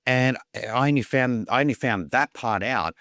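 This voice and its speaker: This podcast guest's voice is medium-pitched and a bit bright, at a normal pace, recorded at studio quality without echo. Recounting his own story in casual talk, he wanders, repeats himself, and performs the quoted dialogue of others.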